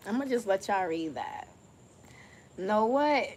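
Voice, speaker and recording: A woman reads tarot in loose, slangy chat, swearing freely and breaking into laughter often. She stretches key words out slowly for emphasis, in a mid-pitched voice. A faint hiss sits under the recording. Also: expressive. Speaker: tarot reader. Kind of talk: casual spiritual tarot reading.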